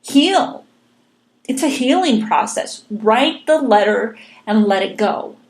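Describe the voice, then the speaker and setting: A woman hosting a podcast speaks slowly in a fairly high voice with lively intonation. In this casual chat she sounds earnest and encouraging, and she often repeats her words.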